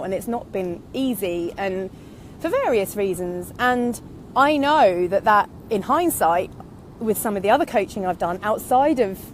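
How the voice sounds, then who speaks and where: This woman in her thirties has a medium-pitched, slightly mellow voice and vlogs about her online business. Walking outdoors and a bit breathless, she gives a casual, reflective monologue, rambling candidly and wandering onto tangents. Faint traffic noise sits in the background.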